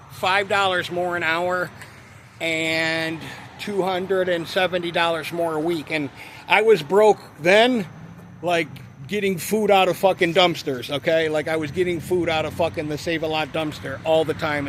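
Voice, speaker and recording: A man's voice: on the high side, steady tone, measured pace, fairly bright tone. A man telling a rambling, profane story about his life in a casual way. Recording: noisy outdoor street sound.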